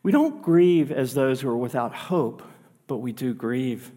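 A man's voice: medium pitch, expressive, measured pace, warm tone, in a large hall. A man pastor preaching a sermon in an earnest, conversational way, pushing his voice up for emphasis.

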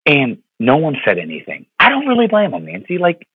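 Earnest pastor on a tinny phone line. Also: male voice, a little high, huge pitch swings, a little fast, husky, no room sound. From Florida. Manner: earnest, heartfelt, with many fillers and repeated words. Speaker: pastor, podcast guest. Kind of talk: personal storytelling in an interview.

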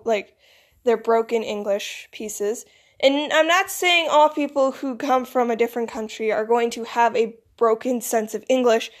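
A woman with a Michigan accent rambles through a casual vlog monologue in a somewhat high voice. She sounds groggy, as if she woke up not long ago. Her talk is loose and full of "like" and "you know". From United States. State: groggy, recently woken. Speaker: vlogger.

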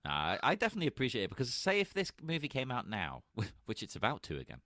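Animated man with swooping pitch. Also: fast, no echo. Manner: animated, laughs, drops into flat asides. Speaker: podcast co-host. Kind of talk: casual film chat.

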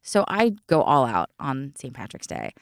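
A woman's voice: rumbling low, very animated, normal speed, creaky, clear, resonant tone, no room sound, clean studio sound. A middle-aged woman co-hosting a podcast in casual chat, laughing often and explaining recipes step by step. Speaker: podcast co-host.

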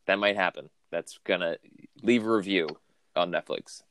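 A man's voice: sits low, moderate pace, a bit bright, no echo. A man co-hosting a podcast from home, chatting casually in a rambling, joking way with lots of fillers. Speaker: podcast co-host. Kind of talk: casual chat. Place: home, remote recording.

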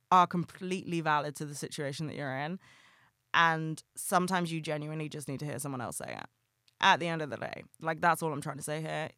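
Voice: mid-range voice, a bit bright, no echo, studio quality. A young adult host talking casually and passionately on a solo podcast, swearing freely and rambling with lots of fillers.

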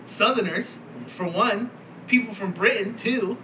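A man's voice: sits high, a little slow, sharp tone, slight background noise, poor audio. A man, co-hosting a podcast in casual chat, rambling, laughing often and swearing. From Philadelphia. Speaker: podcast co-host.

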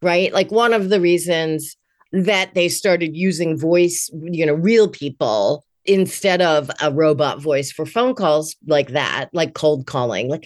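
A woman's voice: sits low, slow pace, dry recording, clean studio sound. A middle-aged woman working as a voice-over teacher, talking as a guest in a casual interview, chatty and candid, with plenty of "like" and "you know".

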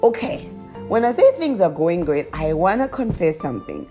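A woman telling her viewers a confessional story in a chatty, animated way, laughing as she goes. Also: moderate pace, soft background music. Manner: laughs often and breaks into high squeals. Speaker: vlogger.

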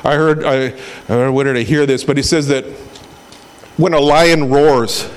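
A man's voice: medium pitch, steady tone, moderate pace, clean tone. A middle-aged man preaching a sermon in a conversational way, acting out quotes as he goes. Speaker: pastor.

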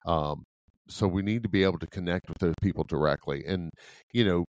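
A man's voice: sits low, fairly quick, no echo, studio quality. A middle-aged man from Ohio co-hosting a podcast, blunt and profane, laughing often as he talks. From Ohio, USA. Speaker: podcast co-host. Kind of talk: casual podcast chat.

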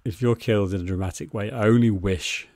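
A man with a fairly low voice chats casually on a podcast, teasing his co-host with dry humour. The sound is dry and close to the mic. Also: brisk, a little mellow, no echo. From Britain. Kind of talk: casual film discussion.

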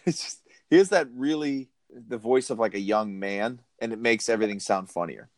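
A man's voice: lowish voice, brisk, no room sound. Dry-sounding laughing podcast guy. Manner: laughs often, retells scenes with quoted voices. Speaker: podcast co-host. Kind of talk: casual movie chat.

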